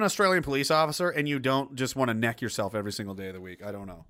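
A man's voice: mid-range voice, fairly even intonation, racing, fairly bright tone, a little hiss or hum. A man giving profane, mocking commentary while reacting to video clips. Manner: mocking, swearing, puts on silly voices. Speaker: commentary host.

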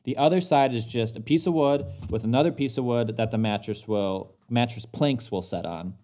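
A man co-hosting a podcast tells a story in casual chat, growing animated and worked up as it goes and mimicking the people in it. His voice is medium-pitched at normal speed.

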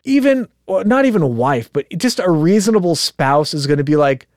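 Animated, swearing man on a podcast. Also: a little high, brisk, hardly any pauses, no echo, studio quality. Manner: animated storyteller who swears and acts out quotes. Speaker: podcast co-host. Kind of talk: casual podcast chat.

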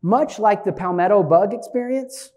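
Animated storytelling pastor, a man. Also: high voice, moderate pace. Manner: animated storyteller, swinging from loud bursts to hushed asides. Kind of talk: sermon with personal storytelling.

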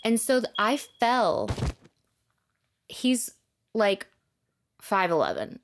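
A young woman telling a personal story in casual conversation, full of fillers and dropping softer when reflective. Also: mid-range voice, sing-song, takes it slowly, slight background noise. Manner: chatty, many fillers like "like", dips to soft reflective tones. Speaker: podcast guest telling her story.

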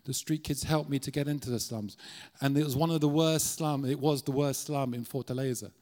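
A man's voice: medium pitch, steady tone, fairly quick, darkish tone. A middle-aged Irish man preaching as a guest speaker in a church, earnest and conversational, often restarting his sentences. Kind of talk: sermon.

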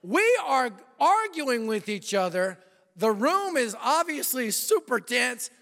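A man in his fifties preaching a sermon and telling a personal story, animated, swinging between loud bursts and hushed confessional lines. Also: very high-pitched, takes it slowly, gravelly. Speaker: pastor. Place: large church hall. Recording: long hall reverb.

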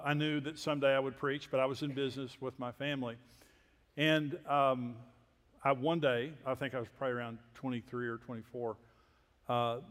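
An older man from Texas, a preacher telling personal stories in a sermon with folksy, self-deprecating humor and quiet asides. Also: mid-range voice. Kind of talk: sermon storytelling. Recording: long hall reverb.

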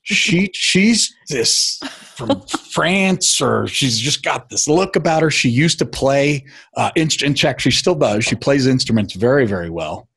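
Husky-voiced man telling his story. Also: mid-range voice, unhurried. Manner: animated storyteller, acts out quotes. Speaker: guest. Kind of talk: casual storytelling chat.

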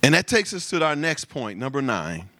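A man's voice: mid-range voice, normal speed. A man preaching a sermon, repeating phrases and calling out to the congregation. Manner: lively preaching with repetition and call-and-response. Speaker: pastor.

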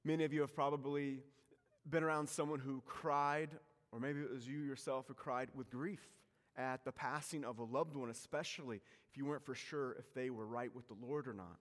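A man's voice: medium pitch, fairly even intonation, normal speed. Man preaching with big hall echo. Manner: storytelling, self-mocking, swings from loud to hushed. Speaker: pastor. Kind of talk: sermon. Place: church sanctuary.

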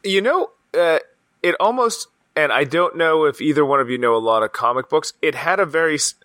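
A man's voice: on the high side, expressive, brisk, a bit bright, dry recording. A man co-hosting a casual anime podcast who goes into exasperated, joking rants and swears freely. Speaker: podcast co-host.

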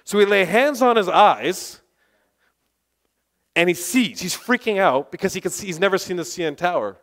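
High-voiced, passionate male preacher. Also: moderate pace. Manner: passionate, excitable, bursts of shouting. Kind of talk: sermon testimony storytelling.

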